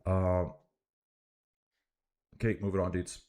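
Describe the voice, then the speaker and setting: A man from Canada doing casual live race commentary and reading out viewer chat, relaxed and saying "dude" often. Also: low-pitched, slow pace. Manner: laid-back, says "dude" a lot, chats with viewers. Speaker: cycling livestream commentator.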